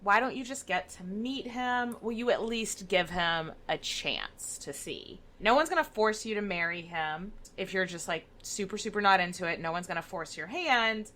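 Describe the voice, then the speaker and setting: A woman's voice: mid-range voice, expressive, normal speed, hardly any pauses, bright, forceful tone. A woman doing a coaxing empress mother. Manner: casual, reasoning, persuasive.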